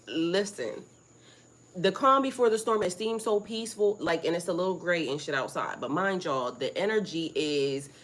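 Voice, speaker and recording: A middle-aged woman, hosting a casual spiritual live stream in a rambling, excitable, profane way. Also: lowish voice, normal speed. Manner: rambling, excitable, profane, greets viewers by name.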